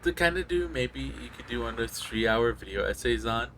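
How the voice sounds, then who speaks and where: Slightly hoarse bright-voiced male streamer. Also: medium pitch, expressive, brisk, slight background noise. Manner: rambling, profane. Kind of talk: casual gameplay commentary.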